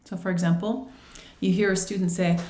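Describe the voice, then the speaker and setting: A woman giving an instructional presentation on feedback for language teaching, speaking clearly and patiently, acting out short teacher and student exchanges. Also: mid-range voice, steady tone, a little fast, warm tone, reverberant. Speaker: ESL teacher trainer.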